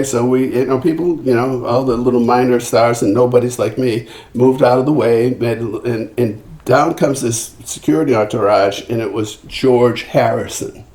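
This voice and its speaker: An older man, a singer-songwriter, tells long anecdotes at a middling pitch with lively energy. He often stumbles and restarts, slipping into other people's voices, and the room lends a roomy echo. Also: moderate pace, hardly any pauses. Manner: animated anecdotes with acted-out quotes and frequent restarts. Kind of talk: storytelling in a podcast interview.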